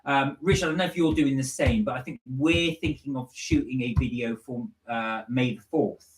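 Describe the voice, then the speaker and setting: A man's voice: mid-range voice, moderate pace, reverberant. A man co-hosting a casual live stream from home, chatty and laughing often as he reads out viewer comments. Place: home, indoors.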